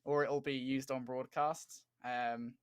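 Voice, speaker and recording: A man's voice: mid-range voice, little pitch movement, smooth. A man calling a competitive video game match as a commentator, upbeat and jokey as he chats with his co-caster. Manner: upbeat, jokey, quick to laugh. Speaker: esports commentator. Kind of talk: casual play-by-play game commentary.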